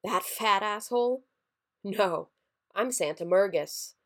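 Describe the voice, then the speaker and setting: Santa Murgus, a raspy fish-scaled creature voiced by a woman. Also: mid-range voice, slow pace, fairly bright tone. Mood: impatient. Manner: snickering, brash and impatient. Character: gangly fish-scaled male Christmas creature, smug.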